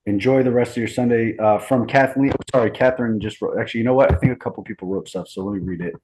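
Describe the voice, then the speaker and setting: Thirties male host on a video call, rambling and upbeat, mid-pitched voice. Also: quick pace, a little mellow, slight background noise, rough recording. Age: 30s. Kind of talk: casual group video call.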